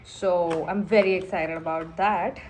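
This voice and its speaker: A woman's voice: on the low side, fairly even intonation, unhurried, heavy background noise. A young woman with an Indian accent, congested from a cold, chatting casually in a vlog and slipping into Hindi phrases. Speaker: vlogger.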